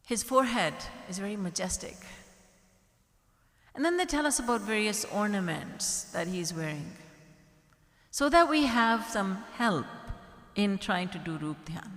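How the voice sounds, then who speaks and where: Woman giving a devotional talk in an echoey hall. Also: mid-range voice. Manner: gentle, devotional, quotes prayers in a soft pleading tone. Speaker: spiritual teacher. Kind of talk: devotional discourse. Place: large hall at a retreat. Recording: echoey hall with long reverb.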